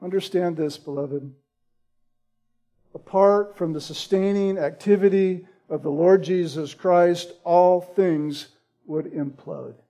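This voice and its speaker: A man delivers a sermon in a high, mellow voice. He speaks slowly and deliberately. He leans hard on key lines with mounting intensity. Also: fairly even intonation. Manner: emphatic, deliberate, rising in intensity on key points. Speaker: preacher.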